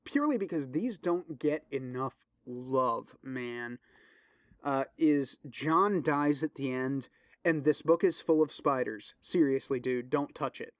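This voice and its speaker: A man's voice: medium pitch, unhurried, no echo, clean studio sound. A man hosting his own podcast, rambling casually with lots of swearing and fillers while eagerly recommending things. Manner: loose, profane, filler-heavy rambling with restarts; enthusiastic recommending. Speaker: podcast host. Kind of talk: casual solo podcast chat.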